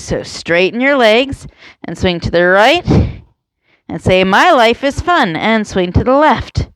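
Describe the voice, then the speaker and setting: Lively, encouraging woman teaching kids yoga. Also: mid-range voice, no echo. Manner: encouraging, playful, asks questions. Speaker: kids' yoga instructor. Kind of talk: guided yoga lesson for children.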